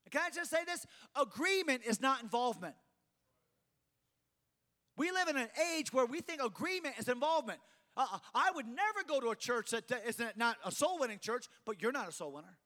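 A middle-aged male preacher delivering a sermon with a high-pitched voice. He hammers points by repeating them, dropping to near-quiet and then rising to loud emphasis. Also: very animated, a little fast, long reverb tail.

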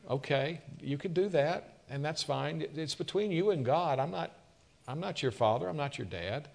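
Emphatic male pastor preaching. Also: gravelly. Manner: emphatic preaching with rhetorical questions, swells louder then drops low. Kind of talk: sermon.

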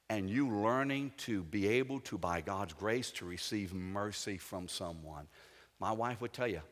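A middle-aged male pastor delivers a dramatic sermon, rising to loud, emphatic peaks and then dropping to quiet, confiding lines. His voice sits at an ordinary pitch for a man. It rings with the long reverb of a large hall.

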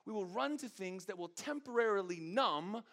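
A man's voice: high voice, lively intonation, normal speed, a bit bright. A middle-aged man pastor, delivering a sermon that moves from funny storytelling to fervent preaching.

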